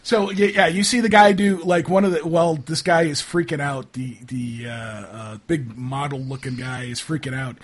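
A man running a tabletop role-playing game as game master, narrating in a halting way while he searches for words. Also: on the high side.

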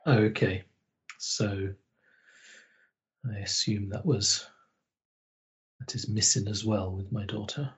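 A man's voice: lowish voice, fairly even intonation, takes it slowly, long pauses, dull audio. A man playing a tabletop game, describing his character hesitantly and thinking aloud. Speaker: player. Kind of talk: casual tabletop game chat.

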